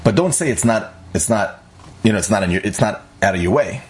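A young man casually telling a personal story, animated, acting out the dialogue and laughing often. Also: lowish voice, a little fast.

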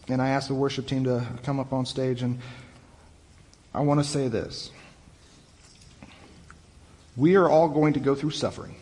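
A young man, a youth pastor, preaching a conversational sermon that retells the story in his own casual words. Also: mid-range voice. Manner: conversational, animated retelling with restarts. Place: church hall. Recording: long hall reverb.

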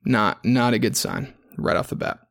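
A man with a gravelly, fry-laden voice tells a crude, rambling story on his podcast. He swears freely and talks in a loose, unscripted way at a middling pitch. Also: normal speed. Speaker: podcast host. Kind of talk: casual podcast monologue.

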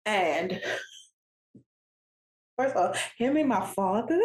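A woman's voice: fairly high pitch, big pitch swings, drawn-out words, long pauses. A woman co-hosting a podcast, chiming in with frequent laughter and telling family stories. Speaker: podcast co-host. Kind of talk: casual storytelling chat. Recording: roomy echo.

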